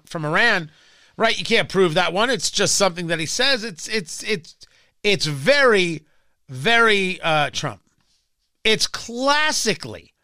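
A man's voice: high voice, bright, forceful tone, no room sound, studio quality. A man hosting political talk radio, emphatic and sarcastic, sometimes mocking other voices. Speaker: radio talk show host.

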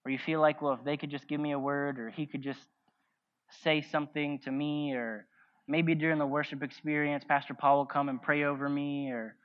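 A man's voice: a little high, level tone, normal speed, clear, resonant tone. A man preaching a sermon, reading scripture and telling a personal story while asking the congregation questions. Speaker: pastor. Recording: dull lo-fi sound with faint music.

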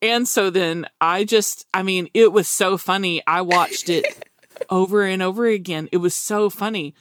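A woman co-hosting a veterinary podcast in casual chat, telling stories in an animated way and laughing often. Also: medium pitch, moderate pace, a little hiss or hum.

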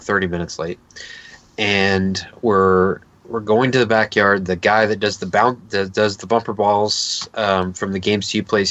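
Podcast co-host, male, 30s, low-ish voice, loose rambling storyteller. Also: dull audio. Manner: rambling, animated anecdote with laughs and quoted voices. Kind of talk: casual storytelling chat.

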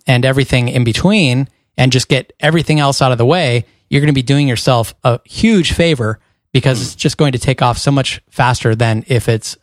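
Steady explaining man, dry close sound. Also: mid-range voice, no room sound. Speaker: podcast co-host. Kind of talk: casual podcast chat.

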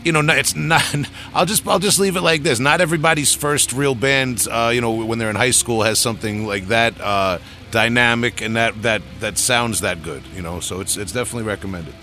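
Bright-voiced man hosting a podcast. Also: medium pitch, fairly quick, faint music behind. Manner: enthusiastic, chatty questions. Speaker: podcast host. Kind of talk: casual interview.

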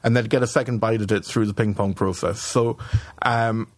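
A man co-hosting a casual political podcast, talking in halting restarts and swearing as he builds his argument. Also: on the low side, fairly even intonation, no room sound. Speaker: podcast co-host.

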